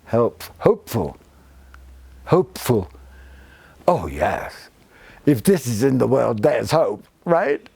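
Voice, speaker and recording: An older man giving a spiritual talk to a retreat group, expressive and effusive, teasing his listeners fondly. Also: mid-range voice, slow pace, vocal fry, pauses often, slightly rough, dry recording. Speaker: spiritual teacher.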